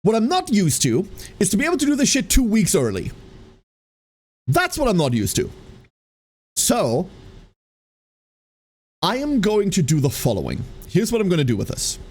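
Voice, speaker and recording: Animated male streamer, lively pitch. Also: moderate pace, pauses often. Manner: animated, rambling, tacks a running 'quack' onto lines. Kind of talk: casual live-stream chat.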